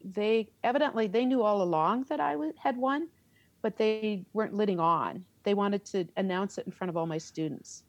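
A middle-aged theater teacher tells a story in an interview, laughing and acting out her reactions with animation. Her voice is medium-pitched at a moderate pace, with no room sound.

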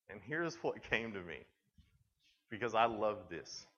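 A man preaches to a youth camp, retelling a story in a loose, chatty way, with lots of "like" and quick restarts. His voice sits fairly low. The recording sounds dull and lo-fi. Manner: lively, conversational storytelling with many "like"s. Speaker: camp speaker.

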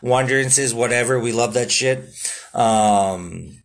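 A man's voice: mid-range voice, takes it slowly, gravelly. A man hosting a casual solo podcast, laid-back and swearing constantly, with lots of fillers. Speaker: podcast host.

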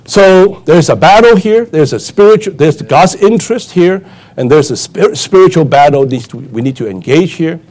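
A man's voice: lively intonation, normal speed, a little mellow. A man preaching a sermon with conversational asides, full of fillers and restarts, then building to urgent, impassioned exhortation. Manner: impassioned, rising to urgent high-pitched exhortation.

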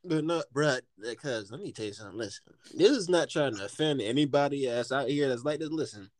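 A young man casually telling stories as a podcast co-host, in an animated, profane way, laughing often. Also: mid-range voice, brisk, no echo, studio quality. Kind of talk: casual storytelling.

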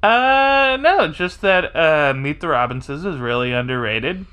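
Woman, low voice, podcast co-host, rambling, lots of ums and likes. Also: animated, measured pace, a bit bright, smooth. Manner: rambling, hesitant, many fillers. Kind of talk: casual chat.

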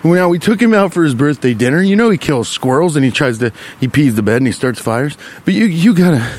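A man voicing an exasperated, crude-mouthed mother scolding her children in a low, drawling tone. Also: animated, a little fast, a little mellow.

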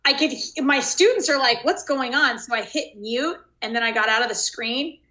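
Woman teacher in her 40s, high, bright and forceful voice, animated storyteller on a video call. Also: moderate pace. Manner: animated storytelling, acts out her own reactions. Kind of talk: casual chat.

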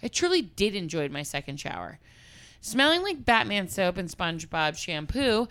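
A woman's voice: fairly low pitch, sharp tone. A woman co-hosting a podcast, reading a listener's story aloud and chatting frankly with lots of swearing. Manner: frank, profane, laughing. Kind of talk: casual comedic chat and story reading.

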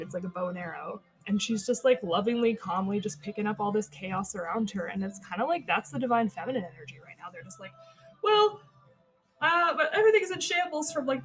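A woman's voice: mid-range voice, rough recording. A woman hosting a podcast, giving a casual tarot reading, chatty and full of fillers and swearing, thinking aloud and stumbling over her words. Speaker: tarot reader and podcast host.

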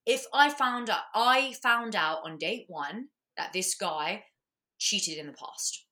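A woman, a guest on a casual chat podcast, talking bluntly and swearing freely with lots of quick restarts. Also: medium pitch, lively intonation, sharp tone.

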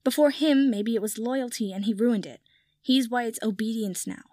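A woman's voice: on the high side, normal speed, mellow, no room sound, studio quality, lightly acted. Woman reading a tipsy, swearing young witch. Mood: bitter. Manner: swears freely, blunt. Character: tipsy, foul-mouthed young witch, bitter. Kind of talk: audiobook fan fiction reading.

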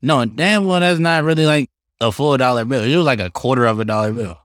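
A young man hosting a casual solo podcast, telling stories in an animated, profane, slang-heavy way. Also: medium pitch, quick pace, dry recording, studio quality. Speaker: podcast host.

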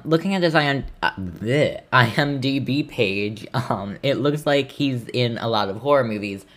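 A podcast co-host with a fairly low, slightly bright voice chats casually. He rambles, filling his talk with plenty of fillers.

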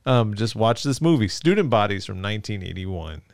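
A man's voice: fairly low pitch, very animated, brisk, dry recording, clean studio sound. A man co-hosting a casual movie podcast, joking, laughing often and acting out quotes from the film. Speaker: podcast co-host.

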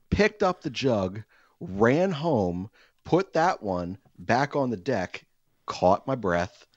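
A man telling a self-mocking comic story in casual chat, animated and swearing freely. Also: on the low side, dry recording, dull audio.

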